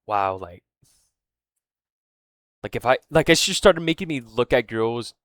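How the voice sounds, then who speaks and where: A man's voice: mid-range voice, animated, unhurried, fairly bright tone, no room sound, studio quality. A man telling a story in a casual, rambling monologue, swearing often and losing his thread, with fillers like "right?" and "man". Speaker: vlogger.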